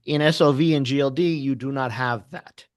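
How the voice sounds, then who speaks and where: A man who trades options, chatting casually and telling animated stories. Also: medium pitch, normal speed, smooth, no echo, studio quality. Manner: animated storyteller, laughs often, acts out quotes. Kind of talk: casual trading chat.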